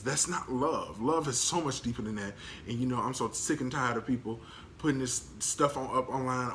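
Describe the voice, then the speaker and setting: A man giving a casual monologue, blunt and candid, heavy on slang and quick to laugh. His voice sits at an ordinary pitch, with a faint hiss of noise behind it. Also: fairly bright tone. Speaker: vlogger.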